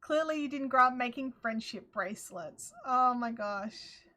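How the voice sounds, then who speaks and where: Chatty Australian woman host, high-pitched and bright, relaxed live-stream banter. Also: unhurried. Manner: chatty, reads out viewer comments, laughs often. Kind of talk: live craft chat stream.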